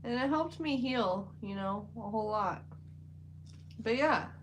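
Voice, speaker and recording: A woman's voice: on the high side, expressive, unhurried, slight background noise, low-quality recording. A woman chatting casually on a livestream while she paints, rambling with lots of "like" fillers. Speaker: livestream host.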